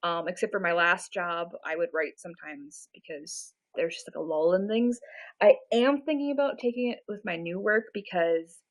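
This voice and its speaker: A woman's voice: on the low side, moderate pace, poor audio. A woman in her twenties chatting casually on a live stream, self-deprecating and full of fillers. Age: 20s. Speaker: livestreamer.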